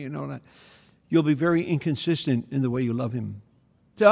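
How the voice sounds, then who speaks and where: A man giving a conversational teaching homily, often pausing to check in with his listeners. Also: a little high, expressive, creaky, darkish tone. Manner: conversational, checks in with the audience by asking "okay?" and "hmm?". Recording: reverberant hall.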